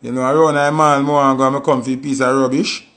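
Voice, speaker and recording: A man with a Jamaican Patois accent, telling stories in a casual monologue and acting out quoted voices with sudden high jumps. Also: little pitch movement, fast talker, a bit bright. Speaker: commentator.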